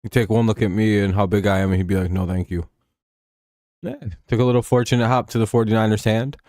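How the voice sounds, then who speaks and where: Tired, low-voiced man on stream. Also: little pitch movement, fast, darkish tone, no echo, studio quality. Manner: rambling, joking, swearing, sleepy. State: tired and yawning. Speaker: live stream host. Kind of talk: casual game watch-along commentary.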